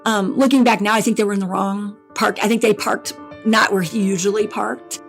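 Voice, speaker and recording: Grieving middle-aged woman, halting speech. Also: mid-range voice, fairly even intonation, creaky, soft background music. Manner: halting, grief-laden, with many restarts. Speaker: interview guest, bereaved mother. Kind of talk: personal storytelling.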